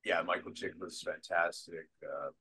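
An older man with a low, husky voice talks through stories from his career as a guest on a podcast. He tells them with energy and bursts into the voices of the people he quotes. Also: normal speed, poor audio. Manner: animated storyteller who acts out quotes. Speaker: guest actor. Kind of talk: conversational interview storytelling.

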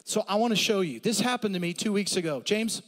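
A middle-aged pastor preaches in a high, bright voice that carries through a church with long reverb. He tells his stories with energy, climbing up and getting louder for the humor. Then he drops low and soft to press his point. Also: animated, fast. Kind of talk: sermon. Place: church sanctuary.

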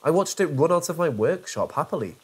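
A man's voice: a little high, expressive, brisk, breathy edge, voice pushed up. A man voicing a smug, nerdy mad-doctor villain with a nasal, pompous way of monologuing. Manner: pompous, self-satisfied monologuing.

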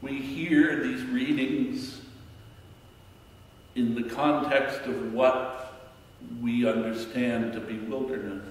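Slow, reflective preacher in an echoey church. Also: male voice, mid-range voice, fairly even intonation. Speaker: minister. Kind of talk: sermon. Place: church sanctuary. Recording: echoey church hall from far off.

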